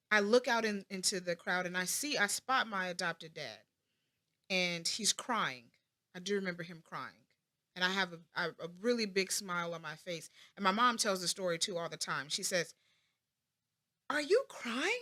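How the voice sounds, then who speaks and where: A woman in her thirties, an interview guest, talking reflectively about her family with many pauses and restarts. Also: lowish voice, sharp tone. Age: 30s. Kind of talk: personal interview.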